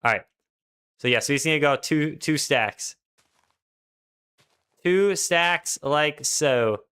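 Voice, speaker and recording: In casual, slangy live-stream commentary, a young man plays a game and answers his chat. He speaks slowly, and his fairly high voice is expressive, bright, forceful, clear, and resonant.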